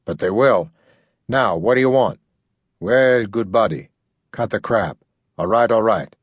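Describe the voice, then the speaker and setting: A man's voice: fairly low pitch, unhurried, no room sound. A man reading the part of a brash, crude male hustler who is blackmailing the detective. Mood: smug.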